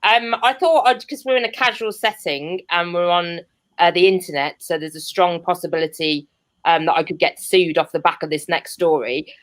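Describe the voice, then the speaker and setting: A young Birmingham woman tells a rambling comic story from home over a video call, fillers and self-mocking laughs all through. Her voice sits on the low side for a woman. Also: normal speed. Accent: Birmingham English. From Birmingham, England. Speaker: stand-up comedian. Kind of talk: online stand-up set. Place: seated at home.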